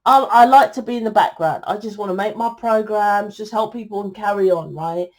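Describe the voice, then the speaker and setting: A woman's voice: mid-range voice, a little fast, a little mellow. A woman giving a tarot reading to her viewers, blunt and exasperated, scolding them and swearing freely. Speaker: tarot reader.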